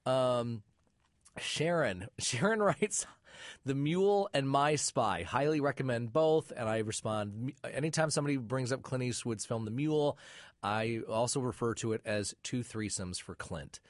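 A middle-aged man hosts a podcast and reads listener messages aloud, adding wry little asides between them. His pitch swings in a lively way. The recording is dry and close, with no room sound. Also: a little slow, dry recording. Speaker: podcast host.

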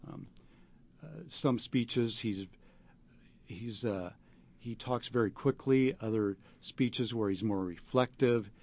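A man, an actor, answering interview questions in a halting way, with many fillers and restarts. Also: fairly low pitch, a little mellow. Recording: dull lo-fi radio recording.

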